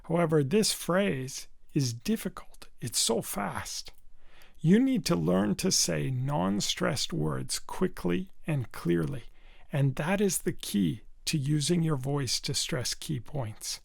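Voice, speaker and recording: Slow, gravelly male business teacher. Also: a little high. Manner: slow, deliberate delivery with demonstrative stress on key words. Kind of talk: instructional video lesson.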